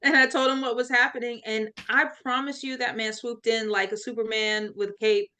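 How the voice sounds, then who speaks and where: Animated woman telling her story. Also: a little high, fairly quick. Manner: animated, laughs often, lively quoted voices. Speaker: life coach and guest. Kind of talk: faith-based interview storytelling.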